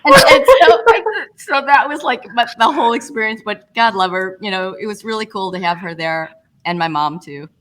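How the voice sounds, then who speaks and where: A woman's voice: mid-range voice, normal speed, slight background noise. A middle-aged actress, a guest, telling stories casually in an interview, laughing often and restarting her sentences. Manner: animated, laughing storyteller, many restarts.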